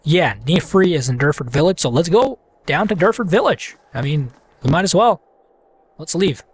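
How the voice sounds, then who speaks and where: A man's voice: on the high side, lively intonation, normal speed, slightly rough. A man hosting a let's play, chatting casually and playfully while he reads the game aloud. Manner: chatty, playful, self-mocking.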